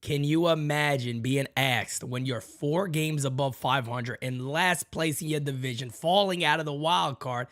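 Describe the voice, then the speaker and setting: A man's voice: a little high, unhurried, hardly any pauses, a bit bright, no room sound, studio quality. A man hosting a fan podcast, ranting in a heated, blunt and profane way and speaking straight to his listeners. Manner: talks straight to listeners as "guys" and "folks". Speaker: podcast host.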